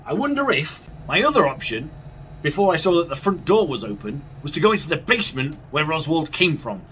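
Lively, foul-mouthed man playing a game. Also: a little high, slight background noise. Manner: agitated, swears constantly, talks back to the game. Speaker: gaming video creator. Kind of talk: let's play commentary. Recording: distant mic with faint game music.

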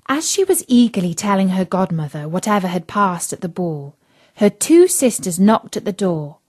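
Slow, dry-voiced woman reading a fairy tale. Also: medium pitch, darkish tone, husky, dry recording. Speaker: storyteller. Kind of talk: children's story reading.

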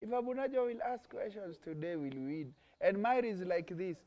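A young man with a very high voice teaches children in a lively, animated way. He acts out scenes and keeps the kids answering with call-and-response questions. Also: moderate pace, hardly any pauses. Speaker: children's religious teacher and host. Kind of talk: interactive children's lesson.

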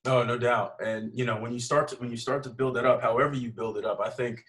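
A male football coach talks shop in a relaxed chat. His voice sits at an ordinary pitch, and he rambles through restarts and laid-back slang as he tells his stories. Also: fast talker, low-quality recording. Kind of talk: casual coaching conversation.

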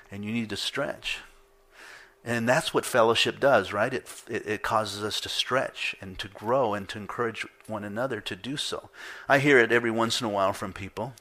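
A pastor preaching a conversational sermon, asking rhetorical questions and repeating points for emphasis. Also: male voice, mid-range voice, bright, forceful tone.

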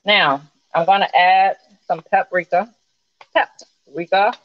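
A woman chatting playfully with her viewers while she cooks in her home kitchen during a live stream, breaking into loud happy exclamations. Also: lowish voice, slow, slight background noise. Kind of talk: casual live cooking stream. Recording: dull lo-fi stream audio.

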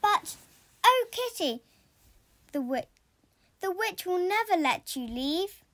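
Storybook role: a soft, very high young princess, gentle and breathless, voiced by a woman reading aloud. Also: very animated, slow, dry recording, full character voice. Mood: worried. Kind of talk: storybook character voice.

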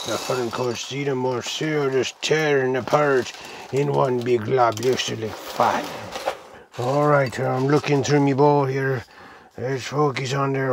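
A man's voice: mid-range voice, normal speed, vocal fry, background noise. A man hosting an unboxing vlog in a theatrical, showman-like way, playfully hamming it up for the audience and now and then slipping into mock-pirate phrasing. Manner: showman-like, addressing the audience as ladies and gentlemen. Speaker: toy and cereal reviewer.

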